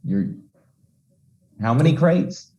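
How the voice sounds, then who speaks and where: A man's voice: mid-range voice, big pitch swings, slow, warm tone. A man playing a tabletop game, playful and stumbling over his words as he talks in character. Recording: dull lo-fi mic.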